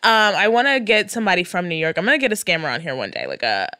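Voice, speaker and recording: A young woman hosting a casual comedic podcast chat, animated and jokey. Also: fairly low pitch, fast talker, smooth, dry recording, studio quality. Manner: animated, jokey, puts on voices for quotes. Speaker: podcast host.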